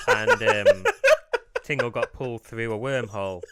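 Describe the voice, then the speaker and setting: A man co-hosting a podcast, spinning an improvised, crude comic story in a rambling, deadpan way. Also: medium pitch, slow, very noisy. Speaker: podcast co-host.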